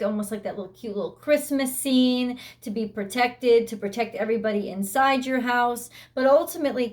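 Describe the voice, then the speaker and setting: Tarot reader, woman, slightly high voice, blunt and emphatic, swears casually. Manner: blunt and emphatic, swears freely, voices the listener's inner thoughts. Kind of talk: weekly tarot reading.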